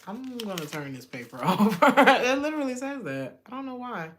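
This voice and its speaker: A woman's voice: fairly high pitch, very animated, moderate pace, a bit bright. A woman giving a casual tarot reading, blunt and loose-tongued, swearing freely and laughing often. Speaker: tarot reader.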